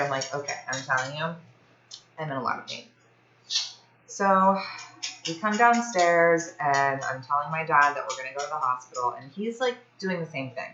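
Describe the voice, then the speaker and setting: A young woman tells a long personal story in a chatty, animated way, full of "like" and quick asides. Her voice is bright and forward. It sounds like a home room with noticeable echo, recorded a bit dull. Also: low-pitched, slight background noise. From Ohio, USA. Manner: chatty, animated, many fillers like "like". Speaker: fitness vlogger. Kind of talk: casual storytelling to camera.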